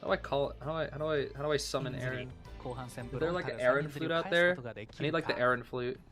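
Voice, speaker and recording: A young man giving casual live commentary on a tournament match as a streamer, excitable, cheering players and answering chat. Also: mid-range voice, fast, music in the background.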